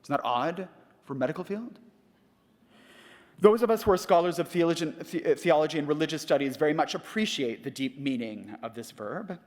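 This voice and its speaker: A middle-aged man giving a prepared conference lecture, measured and reflective, asking rhetorical questions. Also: a little high. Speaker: conference speaker. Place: large conference hall. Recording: reverberant hall.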